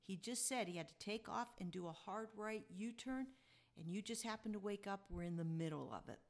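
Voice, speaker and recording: A woman's voice: mid-range voice, lively intonation, fairly quick. A woman hosting a podcast tells a personal story to her listeners. Her delivery is chatty and reflective, and she chuckles as she talks. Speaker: podcast host.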